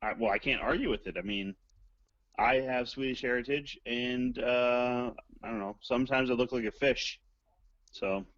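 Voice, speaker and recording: A man's voice: mid-range voice, normal speed, a bit bright, dry recording. Crude rambling man on dull phone line. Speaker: caller guest. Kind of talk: casual phone chat.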